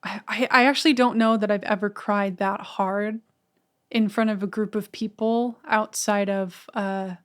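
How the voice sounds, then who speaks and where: A woman's voice: mid-range voice, steady tone, unhurried. A woman in a casual podcast conversation, talking candidly and emotionally, with casual swearing.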